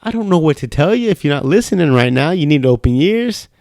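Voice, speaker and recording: A man's voice: on the high side, very animated, fast, creaky, darkish tone, no room sound. A young man hosting a podcast in a studio, ranting loosely and swearing constantly in casual chat. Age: young adult. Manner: profane, ranting, fired up. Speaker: podcast host.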